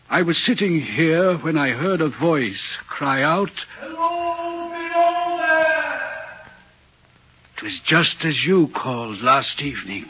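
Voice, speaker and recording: A husky, bright-toned railway signalman, haunted and uneasy, telling his tale slowly and earnestly. The old radio play recording sounds muffled. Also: medium pitch. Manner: earnest, troubled, deliberate storytelling. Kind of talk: vintage radio drama acting.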